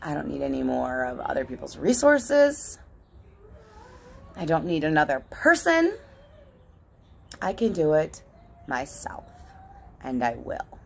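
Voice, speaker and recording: A woman's voice: sits low, big pitch swings, slow, creaky, long pauses. A woman talking in a casual, candid vlog monologue, swearing often and laughing between thoughts. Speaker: vlogger.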